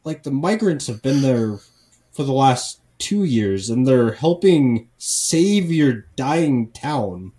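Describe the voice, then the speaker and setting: A man's voice: mid-range voice, very animated, slow, dark tone. A man on a casual comedy podcast, ranting profanely and rambling with lots of false starts. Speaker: podcast co-host.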